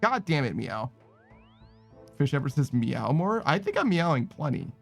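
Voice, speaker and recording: A man streaming a video game talks in a loose, casual way, cursing freely and reading viewer messages aloud. He keeps tacking a playful meow onto his phrases. Faint music plays quietly under his voice. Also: very animated, normal speed, vocal fry. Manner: swearing, saying meow after phrases, reading chat aloud; frustrated outbursts in a raised, higher voice. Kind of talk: casual gaming stream commentary.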